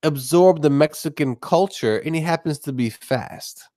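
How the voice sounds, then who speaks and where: A man's voice: on the high side, lively intonation, normal speed, mellow, no echo, clean studio sound. A man chatting casually on a live stream, rambling through rants that build to a sarcastic punchline.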